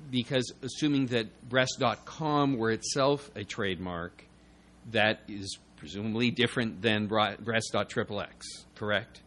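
A man puts a careful question to a panel at a public meeting. His voice sits somewhat low. He pauses and hesitates as he builds each point. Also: fairly bright tone. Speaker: audience questioner.

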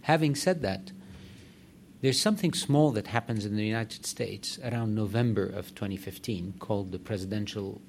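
Man, low gravelly voice, direct emphatic conference remarks, faint background noise. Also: normal speed. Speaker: organization executive addressing a meeting.

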